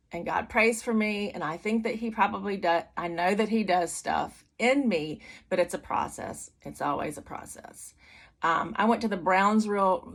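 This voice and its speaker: A middle-aged woman giving a personal church testimony, candid and conversational with many fillers and restarts. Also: medium pitch. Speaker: testimony speaker.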